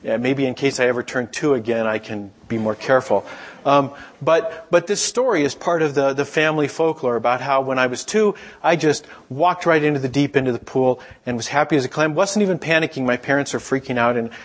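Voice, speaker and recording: A middle-aged man preaching in an easygoing, storytelling way, his voice a little husky and sitting at an ordinary pitch. He slips into the voices of the people in his stories, chatting with the listeners rather than lecturing them. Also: brisk. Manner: conversational storytelling, acts out quoted voices. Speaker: pastor. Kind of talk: sermon.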